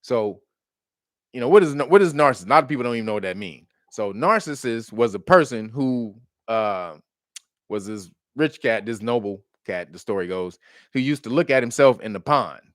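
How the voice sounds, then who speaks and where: A man, commenting in casual talk, animated, acting out the quotes and laughing often. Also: normal speed, dry recording, clean studio sound. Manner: animated storytelling, acts out quotes in high mocking voices, laughs often. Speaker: commentary host.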